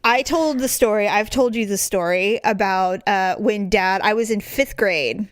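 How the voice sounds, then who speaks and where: A woman in her forties co-hosting a podcast, telling family stories in a casual, animated way and acting out relatives' lines. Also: medium pitch, a little slow, no echo. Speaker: podcast co-host. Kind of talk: casual chat.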